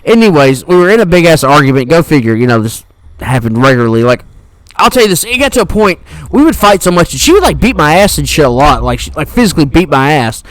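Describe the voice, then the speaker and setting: A man's voice: fairly high pitch, sing-song, quick pace, no echo, low-quality recording. A young man co-hosting a podcast, telling a rambling, profane story in casual chat. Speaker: podcast co-host.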